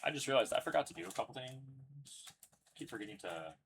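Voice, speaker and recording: A man's voice: medium pitch, very animated, brisk, gravelly, noisy background. A young man casually announcing each card pulled as he hosts a live card break, chatty and upbeat. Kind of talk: live card-opening commentary.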